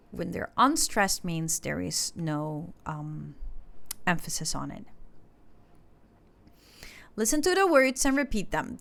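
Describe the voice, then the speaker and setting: A woman with an Indonesian accent patiently teaches an English class step by step, using frequent filler sounds as she explains. Her voice is fairly low, gravelly, pushed and bright.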